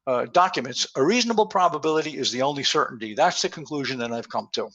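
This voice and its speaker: A man's voice: mid-range voice, lively intonation, fast, fairly bright tone, breathy edge. Older man telling stories, muffled audio. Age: 70s. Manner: rambling anecdotal storyteller, many fillers. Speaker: presenter. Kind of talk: conference talk over video call.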